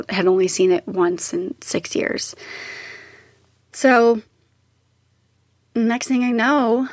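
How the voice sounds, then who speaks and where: A woman's voice: mid-range voice, creaky, no echo, clean studio sound. A young woman telling her own birth story in a casual, emotional way, acting out what others said. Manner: emotional, tearful at times, quotes others in lively voices.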